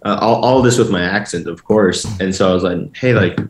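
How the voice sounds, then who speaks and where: Young male guest, low-ish voice, rambling casual storyteller, roomy echo. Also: brisk. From family from Mexico. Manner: rambling, full of "like" and restarts. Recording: echoey room.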